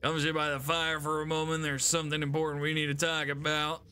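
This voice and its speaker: A man's voice: a little high, flat delivery, a little fast, bright, forceful tone, clean tone. A man voicing a game companion who warns about a legend, in an earnest, close-to-natural voice. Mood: warning.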